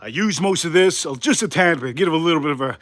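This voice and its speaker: Breathless high-voiced man hosting a cooking stream. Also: expressive, fast talker, no echo, studio quality. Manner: crouching while talking to viewers. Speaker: livestream cooking host. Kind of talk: casual live cooking stream. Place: home kitchen in Miami.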